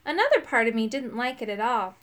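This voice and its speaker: A woman reading a children's book aloud in an expressive storytelling manner, changing her voice for the quoted lines. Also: fairly high pitch, brisk. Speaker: audiobook reader.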